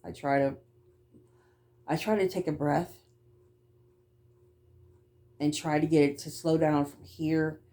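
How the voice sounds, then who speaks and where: Brief: woman childcare provider, low-ish mellow voice, blunt and profane, rushes her words. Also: fairly even intonation. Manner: blunt, swears, stumbles over words; talks fast at times. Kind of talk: casual storytelling.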